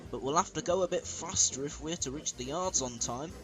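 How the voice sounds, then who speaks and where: A man doing a calm, patient engine driver. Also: a little high, fairly quick, music in the background, pitched above the performer's own voice, close to an everyday voice. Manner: calming and patient.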